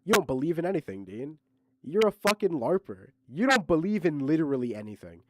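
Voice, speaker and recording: A man riffs through a livestream reaction, full of cursing and scorn. His pitch leaps around a lot, rising sharply when he mocks and dropping low when he mutters insults. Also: sing-song, brisk, no room sound, poor audio. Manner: profane, mocking, heated rants. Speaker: streamer reacting to a clip. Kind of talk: casual reaction commentary.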